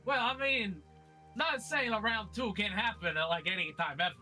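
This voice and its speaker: Guy doing his cussing hothead bruiser, high bright voice, rants and rambles. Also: moderate pace, soft background music. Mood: awkward, asking. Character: brash foul-mouthed male street brawler, hot-tempered. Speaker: player voicing his character.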